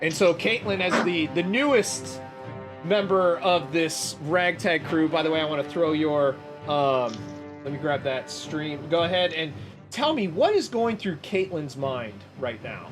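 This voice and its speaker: High-voiced game master narrating. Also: male voice, unhurried, over music. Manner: relaxed, chatty narration.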